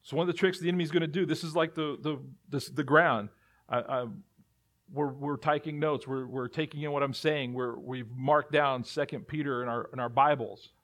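A man's voice: fairly high pitch, fairly even intonation, moderate pace, a bit bright. A male pastor preaching a sermon, emphatic and repeating phrases as he builds his points.

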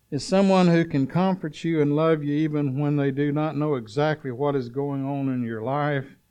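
A man preaching a sermon, swinging between loud urgent calls and hushed storytelling, asking the congregation if they are listening. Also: on the high side, smooth.

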